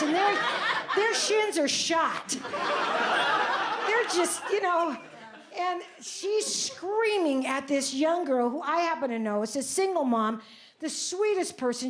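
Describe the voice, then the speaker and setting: Brash seventy-something woman doing stand-up. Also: sits high. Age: 70s. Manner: brash, self-mocking storytelling with big exclamations. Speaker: stand-up comedian. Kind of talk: live stand-up comedy. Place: comedy club stage. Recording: club stage mic with audience noise. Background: audience laughter.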